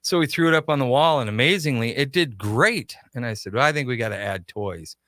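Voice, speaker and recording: A man on a radio show telling anecdotes and acting out the back-and-forth of old conversations. His voice is bright and forward. The sound is close and dry, like a studio mic. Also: mid-range voice, brisk, no room sound. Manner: animated anecdotes with quoted dialogue. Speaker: shop owner guest. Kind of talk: casual radio interview storytelling.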